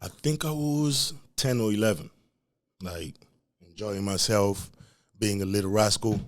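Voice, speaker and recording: Animated young man telling a profane story. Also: on the low side, unhurried. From Africa. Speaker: podcast host. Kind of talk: storytelling rant.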